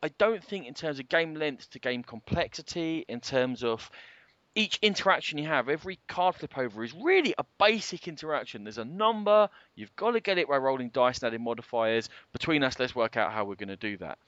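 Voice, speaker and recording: A man's voice: mid-range voice, sing-song, a little fast, fairly bright tone, no room sound. A man co-hosting a podcast about games, talking casually at length and with emphasis. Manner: talkative, rambling, emphatic. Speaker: co-host. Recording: dull lo-fi podcast audio.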